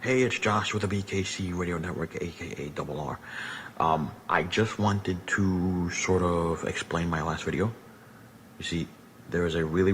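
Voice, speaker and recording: A man's voice: low-pitched, slight background noise. A man in his thirties, a radio personality, talking earnestly and loosely in a casual video message, with many "um"s and "sort of"s. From Puerto Rican. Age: 30s.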